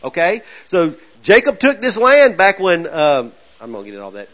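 A man preaching a sermon, folksy and animated, acting out voices and sometimes shouting. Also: sits high, moderate pace. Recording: dull lo-fi sound.

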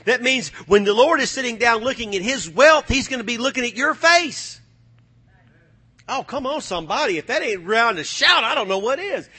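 High, bright husky-voiced preacher man. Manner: preaching with call-and-response, swinging from soft to loud; folksy, drawls phrases like y'all and ain't. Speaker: pastor. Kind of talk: sermon.

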